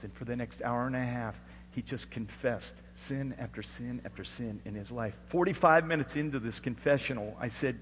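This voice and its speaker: A middle-aged man preaching a sermon and telling a family story, going from hushed and tender to loud and emphatic. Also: medium pitch, fairly even intonation, moderate pace. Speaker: pastor. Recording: echoey hall with faint hum.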